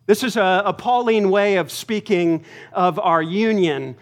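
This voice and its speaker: A man with a notably high voice preaches a sermon at an unhurried pace. He lets his phrases land one by one and leans hard on key words, the way a pastor speaks to his congregation. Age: adult, married. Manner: deliberate, emphatic preaching with pauses and stressed words.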